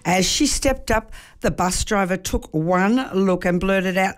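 Woman radio host telling a joke. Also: mid-range voice. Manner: lively storytelling, slows for effect.

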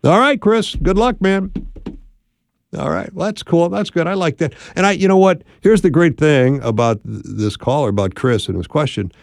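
A man's voice: on the high side, moderate pace, creaky, dry recording. Upbeat encouraging man hosting call-in radio. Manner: upbeat, encouraging, plain-spoken. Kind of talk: call-in advice show.

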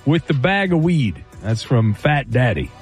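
A man hosting a radio talk show, brisk and wisecracking as he reads out listener questions. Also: mid-range voice, very animated, faint music behind.

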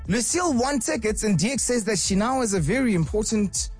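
Emotional South African radio host. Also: male voice, high-pitched, lively intonation, breathy edge, faint music behind. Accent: South African English. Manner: emotional, rushed, chatty. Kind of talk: radio show chat and read ads.

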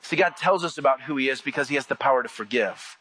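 A man's voice: medium pitch, quick pace, bright, forceful tone, breathy edge, rough recording. A man preaching a sermon, reading scripture and driving points home with emphatic rises. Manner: preaching with rising emphatic peaks and quoted asides. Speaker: pastor.

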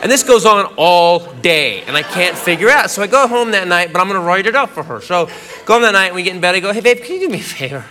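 A man doing stand-up comedy, telling a story with animated delivery and acting out the other voices. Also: high-pitched, fast, a little hiss or hum. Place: comedy club stage. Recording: comedy club with loud crowd laughter.

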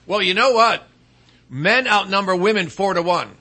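A man hosting a casual talk show, animated and joking, trailing off into fillers as he talks. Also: high-pitched, normal speed. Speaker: host.

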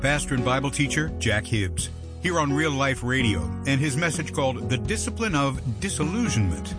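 A man announces the close of a radio program in a smooth, friendly read at an ordinary pitch. Guitar music plays clearly underneath him. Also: expressive, normal speed. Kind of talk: scripted radio outro.

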